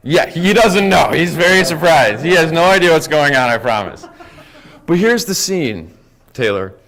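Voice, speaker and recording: A man giving a lively talk to a live conference audience, often checking in with "right?" and "okay?". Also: a little high, normal speed. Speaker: conference speaker.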